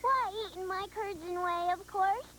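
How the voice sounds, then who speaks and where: A woman's voice: extremely high pitch, moderate pace, pushed and bright, slight background noise. A woman voicing Little Miss Muffet as a prim little girl on a children's TV show, talking in a prissy, chirpy, sing-song way. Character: prim little girl eating curds and whey.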